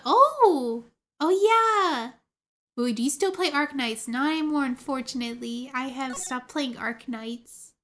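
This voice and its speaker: A woman's voice: sits high, lively intonation, unhurried, fairly bright tone. A woman streaming a game, chatting and giggling with her viewers. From United States. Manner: chatty and giggly, talking to chat. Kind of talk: casual game stream chat.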